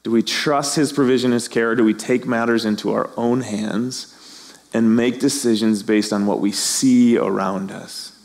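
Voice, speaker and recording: A middle-aged man preaches a sermon to his congregation. He keeps it animated and slips into the voices of the people in the story. His voice sits at an ordinary middle pitch. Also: unhurried. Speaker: pastor.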